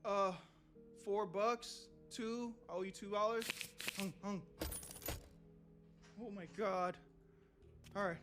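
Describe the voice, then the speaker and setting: A man's voice: high voice, steady tone, takes it slowly, long pauses, music in the background. A young man streaming a game live, swearing and talking nervously to his chat as he plays. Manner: jittery, swearing, talks to chat. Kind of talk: live gameplay commentary.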